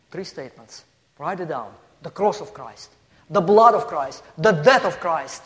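A man giving a guest sermon, emphatic, listing points and telling a story to a congregation. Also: a little high. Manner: emphatic, building lists and storytelling. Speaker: guest preacher. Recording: long hall reverb.

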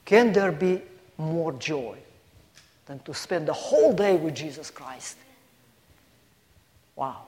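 A man's voice: on the high side, very animated, slow pace, pauses often, darkish tone. Man preaching in a reverberant church hall. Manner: emphatic, building lists and storytelling. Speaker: guest preacher. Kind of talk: sermon.

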